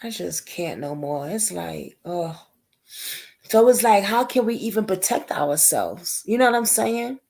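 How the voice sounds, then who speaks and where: A woman's voice: medium pitch, lively intonation, unhurried, gravelly, a little mellow. A woman hosting a casual livestream chat, talking emotionally and in a rambling way, greeting viewers by name. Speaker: livestream host.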